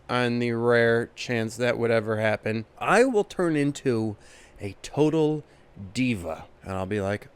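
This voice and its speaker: A man doing a casual, deadpan comedy monologue. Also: medium pitch, slow pace, clean tone, no echo.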